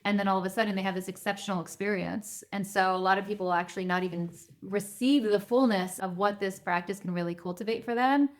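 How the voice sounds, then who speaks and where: A woman guest on a podcast, an advisor, explaining her views in an earnest, measured way. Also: medium pitch. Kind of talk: interview answers.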